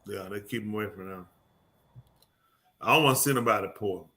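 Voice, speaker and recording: Teasing bright-voiced male show host. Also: fairly low pitch, fairly quick, husky. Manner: teasing, loud, uses dialect grammar. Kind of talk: casual radio chat.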